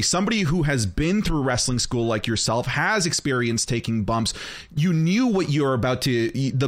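A young American man co-hosts a podcast in a casual, conversational way. He asks long, rambling questions full of ums and restarts, at an ordinary middle pitch. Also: fairly bright tone. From United States. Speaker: podcast co-host. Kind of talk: casual interview talk.

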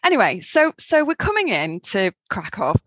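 A middle-aged woman from England, co-hosting a podcast and telling travel stories in an animated, chatty way. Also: mid-range voice, normal speed, no room sound. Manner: animated, laughing, acts out quoted voices. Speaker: podcast co-host. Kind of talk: casual chat, storytelling.

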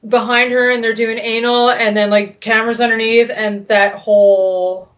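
Regular female guest, candid casual talker, expressive storyteller, slightly high voice, muffled lo-fi line. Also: normal speed. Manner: animated storyteller, swoops high when excited.

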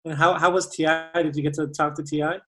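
Friendly male interviewer, slightly high voice. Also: level tone, quick pace, pushed and bright, faint music behind, rough recording. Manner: friendly, encouraging, asks short questions. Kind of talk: casual interview.

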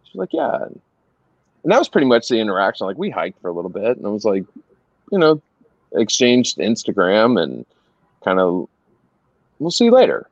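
A middle-aged man with a very low voice tells stories as a guest, swinging his pitch widely as he slips into the voices of the people in them. The sound is dry and slightly dull, with no room echo. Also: moderate pace, pauses often. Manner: animated, laughs while telling anecdotes. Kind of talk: casual storytelling.

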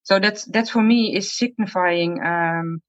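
A Dutch woman who is a spirit medium, telling stories in a lively way, laughing along. Her voice sits fairly low. The audio is dull and lo-fi, with a dry, close sound. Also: a little slow, no room sound. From Netherlands. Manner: lively, laughs often, acts out quotes. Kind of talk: casual storytelling interview.

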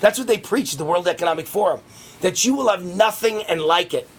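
A man hosting a political talk radio show, delivering a rapid, heated ranting monologue. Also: high voice, expressive, slightly rough.

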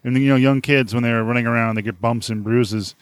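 A man's voice: medium pitch, steady tone, a little fast, smooth, dry recording. Rambling man, dry close sound. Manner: rambling, repeats words. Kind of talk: casual podcast chat.

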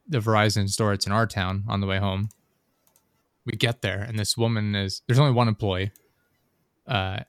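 A man's voice: on the low side, clear, resonant tone, dry recording, studio quality. A young adult man chatting casually on a podcast, telling a rambling story full of fillers and the odd swear word. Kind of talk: casual chat.

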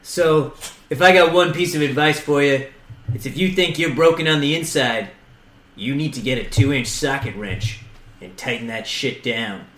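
A man's voice: mid-range voice, normal speed, fairly bright tone, close to an everyday voice. A man playing a tough-talking mechanic in an improvised comedy scene, handing out blunt, folksy advice. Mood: gruff. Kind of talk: improv comedy role-play. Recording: echoey room.

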